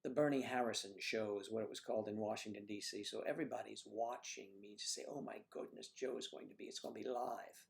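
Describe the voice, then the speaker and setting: A man's voice: fairly low pitch, steady tone, fast, vocal fry, few pauses. A man hosting a casual livestream, chatting and telling rambling stories. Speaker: livestream host.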